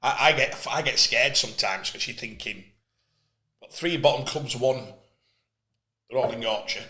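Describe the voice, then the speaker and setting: A man's voice: mid-range voice, moderate pace. A middle-aged man, hosting a casual interview and telling stories with passion. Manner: passionate, animated storyteller. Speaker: host, player agent. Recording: echoey room.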